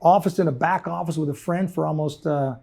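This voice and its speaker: Fast-talking intense middle-aged man. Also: a little high, fairly even intonation, creaky, mellow. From United States. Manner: intense, rapid storytelling, acting out quoted voices. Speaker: guest entrepreneur. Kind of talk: candid interview storytelling.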